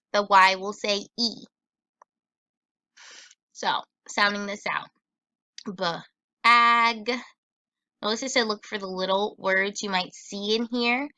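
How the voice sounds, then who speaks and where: A woman teacher giving a recorded phonics lesson for children, sounding out words slowly and patiently. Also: mid-range voice, bright, forceful tone, dry recording.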